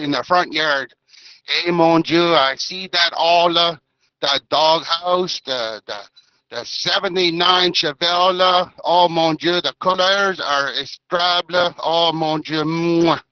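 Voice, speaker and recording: A man's voice: fairly high pitch, sharp tone, clean tone, no room sound. A man putting on a joking Acadian French accent. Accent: Acadian French put-on. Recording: lo-fi voice chat audio.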